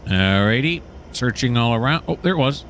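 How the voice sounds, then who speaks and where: A man's voice: medium pitch, expressive, moderate pace, fairly bright tone, slight background noise. A man casually commentating his train-simulator play, chatty and mildly sarcastic, talking to himself and the game. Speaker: gaming channel host.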